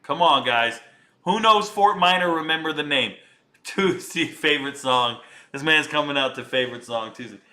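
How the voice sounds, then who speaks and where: This is a man hosting a live reaction stream who jokes around and talks straight to his viewers. His voice sits a little on the high side, with a bright, forward edge. He keeps things loose and chatty throughout. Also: moderate pace. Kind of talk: casual live reaction chat.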